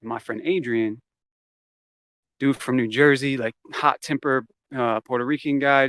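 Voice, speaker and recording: Profane, animated man telling a story. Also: mid-range voice, moderate pace, no room sound. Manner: profane, animated, acts out quoted lines. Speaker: interview guest. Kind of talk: casual storytelling.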